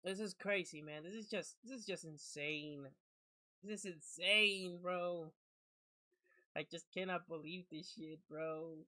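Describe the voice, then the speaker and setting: A man streaming a horror game, reacting in casual, excitable chat full of slang and switching between English and Spanish. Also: high-pitched, a little slow, no room sound, low-quality recording.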